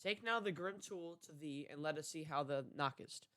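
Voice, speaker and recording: A stern giant knight speaking in old, formal English, voiced by a young man reading aloud. The tone is clear and a touch high, with a dry close sound. The reading is halting, with restarts on hard words. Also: bright, forceful tone, no room sound. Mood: solemn. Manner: archaic formal speech, read with frequent stumbles.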